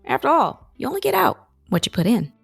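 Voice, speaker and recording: A woman's voice: fairly high pitch, wildly swooping pitch, fairly quick, gravelly, breathy edge, soft background music. A woman hosting a podcast interview, upbeat and affirming, closing the episode with a prepared outro. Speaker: podcast host.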